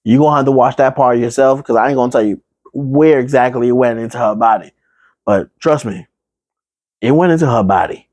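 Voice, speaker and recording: A man's voice: medium pitch, darkish tone, dry recording. A man casually recapping a horror movie, rambling with fillers and asides, now and then acting out the characters. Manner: acts out characters in quick put-on voices.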